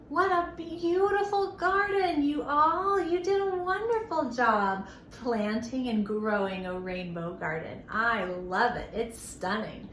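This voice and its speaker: A young adult woman, a children's librarian, reading aloud and leading a sing-song storytime, gentle and animated, with gasps and playful animal sounds. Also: sits high, takes it slowly, hardly any pauses, slight background noise. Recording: echoey room, faint ambience.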